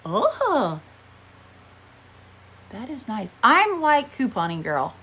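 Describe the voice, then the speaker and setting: An American vlogger's voice sits a little high, moves slowly, and sounds sharp, with huge swings in pitch. Trying on makeup for a haul video, she rambles chattily and pokes fun at herself.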